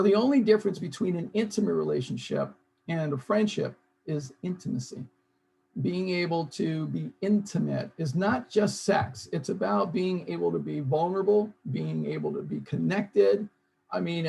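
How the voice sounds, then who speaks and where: A man's voice: fairly high pitch, gravelly, a little mellow, husky. A man leading an online seminar, coaxing his audience to join in. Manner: coaxing, urges audience to participate. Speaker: seminar leader.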